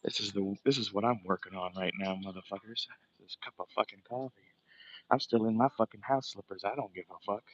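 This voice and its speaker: A man's voice: lowish voice, a little fast, muffled recording, noisy background. A man, livestreaming as he walks outdoors by the water, talking casually, cursing often and ranting, a bit out of breath. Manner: profane, rambling, ranting.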